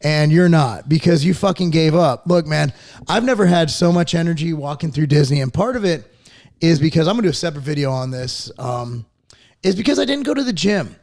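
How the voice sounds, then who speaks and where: A man's voice: a little high, animated, fairly quick, darkish tone. Profane, ranting man in his forties. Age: 40s. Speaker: podcast host. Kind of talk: casual podcast chat.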